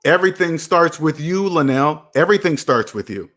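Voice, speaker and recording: Man, 40s, slightly high voice, repetitive motivational finance monologue, preachy. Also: animated, normal speed, a bit bright. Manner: preachy, repeats himself, talks to himself by name. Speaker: personal finance video host.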